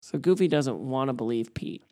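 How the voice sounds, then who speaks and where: Low-voiced woman with dry asides. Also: expressive, normal speed, mellow. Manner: dry asides, wry commentary. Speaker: podcast co-host, parent. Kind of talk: casual movie recap chat.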